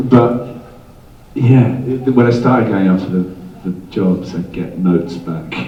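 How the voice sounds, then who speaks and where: A low-voiced man from England talks casually as a panel guest, rambling and correcting himself as he goes. He is heard from a distance in a big echoing convention hall, with a loud hiss over the sound. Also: dull audio. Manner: rambling, self-correcting, laughing. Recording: echoey hall from far off.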